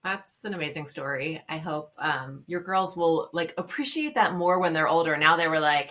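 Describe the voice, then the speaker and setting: A woman's voice: low voice, animated, normal speed, few pauses, fairly bright tone. A woman hosting a casual interview, reacting to a guest's story and introducing a viewer question, heard from a little way off the mic. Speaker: interview host.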